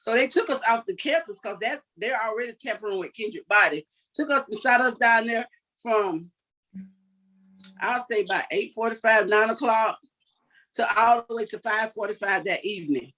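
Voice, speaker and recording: An older woman speaks with a fairly high voice. She recounts events earnestly and vividly, acting out what others said. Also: normal speed, a bit bright, low-quality recording. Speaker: interview guest. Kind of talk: emotional personal account.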